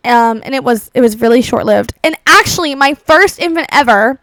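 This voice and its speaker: A woman's voice: fairly high pitch, animated, normal speed, a bit bright, no room sound. A young woman doing chatty, rambling commentary over a game house tour, bubbly and dramatic, full of fillers. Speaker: Sims builder and YouTuber.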